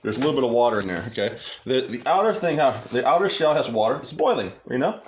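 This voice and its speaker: A man's voice: mid-range voice, very animated, fast talker, slight background noise. Cheery rambling guy cooking at his stove, voice jumps all over, kinda echoey room. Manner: rambling, cheerful, restarts often. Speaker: home cooking vlogger. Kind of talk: rambling casual cooking vlog. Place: small home kitchen at the stove.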